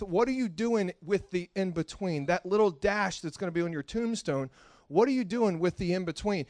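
A man preaching a sermon in a church, telling animated, self-mocking stories with frequent restarts. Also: sits high, no room sound, clean studio sound. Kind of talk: storytelling sermon. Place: church hall.

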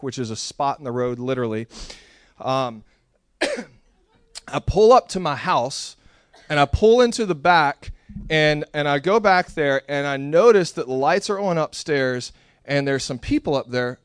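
A young man preaching a sermon, telling a story with animated acted-out dialogue. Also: on the high side, no room sound, clean studio sound. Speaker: pastor.

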